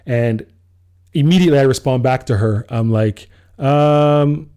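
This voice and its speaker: Telling a personal story while co-hosting a laid-back podcast, this man has a dark, mellow, smooth voice at an ordinary middle pitch. He speaks at a measured pace, tells the story with animation, acts out what he said to people, and often breaks into laughter.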